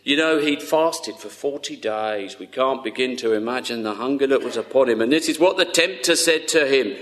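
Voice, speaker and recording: A man preaching a sermon in an earnest, tender way, often dropping to a hush. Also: medium pitch, normal speed, few pauses.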